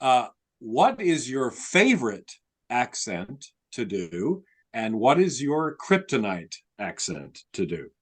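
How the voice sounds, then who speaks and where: A man co-hosting a podcast speaks at a middle pitch and an unhurried pace. He is eager, tripping over his words as he pushes in a question. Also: huge pitch swings, breathy edge. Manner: eager, stumbling to get a question in. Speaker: podcast co-host. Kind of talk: casual podcast chat.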